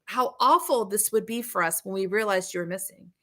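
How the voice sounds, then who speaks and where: A woman's voice: mid-range voice, slow pace, bright, forceful tone. A woman putting on a frantic, pleading mother. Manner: pleading, exasperated questions.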